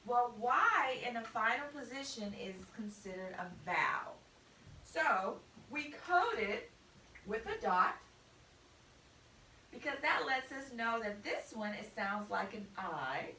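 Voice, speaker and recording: A woman teacher giving a recorded phonics lesson for children, speaking slowly and deliberately, stretching and repeating sounds. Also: a little high, sing-song, bright, forceful tone, far from the mic. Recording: echoey room, voice off-mic, faint hiss.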